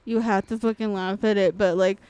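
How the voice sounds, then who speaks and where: A young woman co-hosting a podcast, chatting casually, crude and loud with lots of laughter. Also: mid-range voice, fairly even intonation, fairly quick, clear, resonant tone, no room sound. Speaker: podcast co-host. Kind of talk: casual chat.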